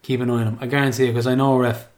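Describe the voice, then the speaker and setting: Irish male host, mid-pitch, emphatic, easygoing banter. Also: little pitch movement, very fast, darkish tone. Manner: conversational, emphatic, laughs along. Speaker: podcast host. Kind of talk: casual chat.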